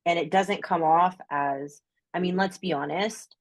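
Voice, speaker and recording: A guest astrologer with a Canadian accent chats with enthusiasm in a casual podcast conversation, leaning on the word "like" a lot. Her voice sits on the low side, unhurried, with no room sound.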